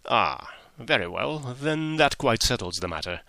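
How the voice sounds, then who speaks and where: A man reading the part of a fussy, wheedling middle-aged gentleman, coaxing and insistent, in an audiobook. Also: medium pitch, very animated, unhurried, gravelly, dry recording, heavily acted.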